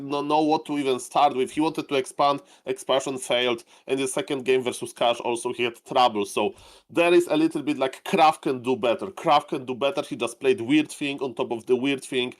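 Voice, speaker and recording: A man co-hosting a live esports stream. His mid-range voice sounds animated and enthusiastic as he breaks down the matches. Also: mid-range voice. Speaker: esports caster.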